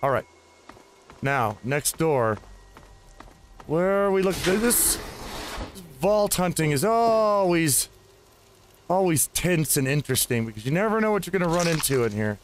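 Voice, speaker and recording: A man's voice: a little high, animated, unhurried, pauses often, slight background noise. A man giving casual, rambling commentary on his own gameplay, chatting aloud to the enemies he fights. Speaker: gaming host.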